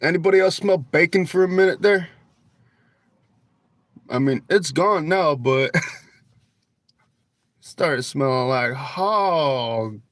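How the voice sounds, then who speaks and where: Outdoors at night near a store parking lot, a man hosts a casual livestream on his phone camera, laid-back, joking with viewers and cursing freely. His voice sits on the high side, he takes it slowly with long pauses, and there's no echo.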